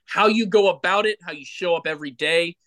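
A man's voice: sits high, a little fast, sharp tone. A man hosting a podcast, speaking emphatically and with feeling in a rambling, casual chat. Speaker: podcast host, former ballplayer.

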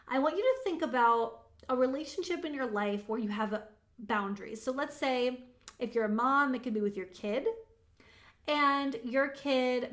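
A young woman giving a casual motivational talk, chatty and emphatic, with lots of "like" fillers. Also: a little high. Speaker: motivational speaker on manifesting.

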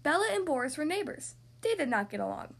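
A woman reading a children's picture book aloud in an expressive, sing-song way. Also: high-pitched, quick pace, creaky. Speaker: storyteller.

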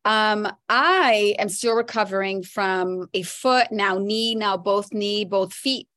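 A woman's voice: medium pitch, slow, fairly bright tone. A woman podcast co-host in casual chat, blunt and upbeat, swearing casually.

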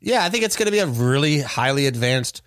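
A man's voice: mid-range voice, very animated, fast, fairly bright tone, no room sound. Man, podcast host, casual chat, hesitant, musing, dry recording. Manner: hesitant, many restarts, musing.

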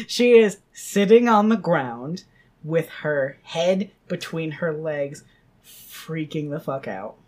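A woman's voice: low-pitched, slow, a bit bright. A woman narrating a tabletop game as game master in a casual, chatty way.

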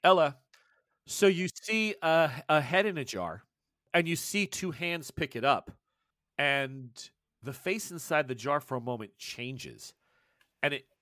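Game master with a dry close voice. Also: male voice, a little high, lively intonation, no room sound. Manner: slow, hushed scene description. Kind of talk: narrating a tabletop horror game.

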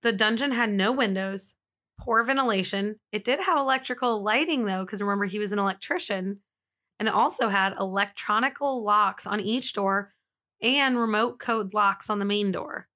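A woman speaking at normal speed in a sharp, mid-range voice narrates a true-crime story for her podcast. Her style is casual and gabby, peppered with "like," and she laughs easily.

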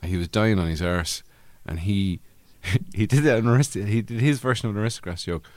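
A man's voice: lowish voice, fairly quick, darkish tone, dry recording. A man co-hosting a casual comedy chat, telling stories in a laid-back, rambling way. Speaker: podcast co-host and comedian.

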